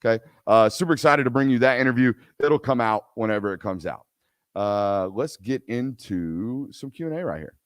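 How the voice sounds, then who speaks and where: Speaking at a normal speed in a mid-range voice, a man hosts a live sports talk show, delivering an animated rant with repeated lines for emphasis before turning to audience questions. The sound is clean studio audio without any room sound.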